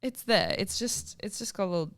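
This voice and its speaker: In a podcast studio, a young female co-host keeps the chat casual, laughs frequently and leans on "like" constantly. She has a mid-range, fairly bright voice and a brisk delivery.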